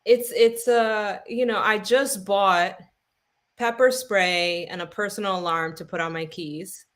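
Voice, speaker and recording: A woman's voice: mid-range voice, steady tone, measured pace. A woman talking as a podcast guest in a casual conversation, reflective and searching for the right words.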